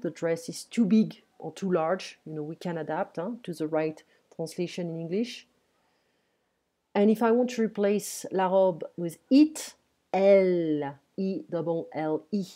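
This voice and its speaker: A woman teaching to English speakers, repeating phrases slowly and patiently. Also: on the low side, mellow. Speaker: French teacher. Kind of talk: live online language lesson.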